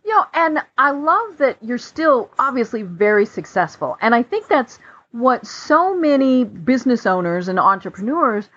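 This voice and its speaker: A woman's voice: a little high, very animated, moderate pace, a bit bright. A woman hosting a podcast interview, asking loose, chatty questions full of fillers. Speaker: podcast host. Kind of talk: conversational interview. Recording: slightly muffled lo-fi audio.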